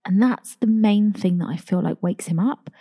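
A woman's voice: mid-range voice, normal speed, mellow, breathy edge, in a large hall. A young woman hosting a casual solo podcast, chatty and confiding, calling her listeners darlings. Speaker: podcast host.

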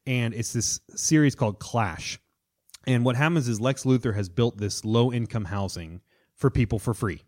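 A man's voice: medium pitch, a little mellow. Eager man retelling comic stories. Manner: enthusiastic, retells stories with quick quoted voices. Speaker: podcast co-host. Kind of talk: casual chat.

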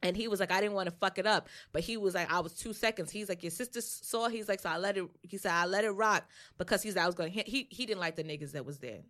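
A young woman co-hosts a casual podcast and talks in her natural mid-range voice. She tells a story in an animated, profane way. She jumps into other people's voices whenever she quotes them. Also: medium pitch, fast. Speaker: podcast co-host.

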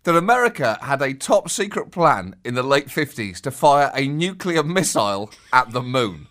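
A man's voice: medium pitch, very animated, normal speed, fairly bright tone. A man hosting a comic podcast, theatrical and mock-outraged, swearing for emphasis. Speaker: podcast host.

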